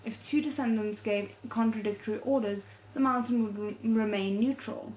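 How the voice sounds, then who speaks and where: A woman reading a novel aloud as a readalong host, soft and measured, breaking off to react with feeling. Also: on the high side. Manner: emotionally invested, breaks off to react.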